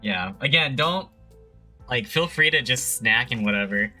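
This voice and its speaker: A man hosting a live interview podcast in a polite, even-keeled manner, his voice bright and forceful. He keeps a measured, professional tone as he leads the chat, with faint music playing behind him. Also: mid-range voice. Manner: polite, steady, trying to stay professional. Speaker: podcast host.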